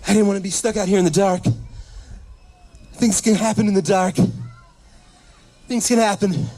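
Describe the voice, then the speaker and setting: A man's voice: high-pitched, steady tone, normal speed, warm tone, faint music behind, some chatter behind. A man voicing his panicked, breathless mother in a stand-up bit, gasping and repeating herself frantically.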